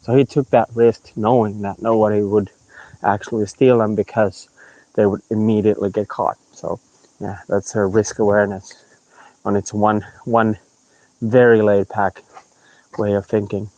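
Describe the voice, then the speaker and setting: A man's voice: fairly low pitch, level tone, moderate pace, warm tone. A man telling a long anecdote, meandering with many fillers and restarts. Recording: dull, dry lo-fi line.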